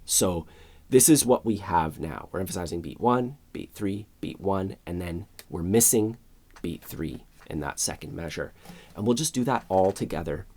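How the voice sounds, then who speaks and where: A man's voice: sits low, expressive, moderate pace, a little mellow. A man giving a friendly step-by-step guitar lesson, counting beats aloud and vocalizing strums. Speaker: guitar teacher. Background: guitar strumming and backing track.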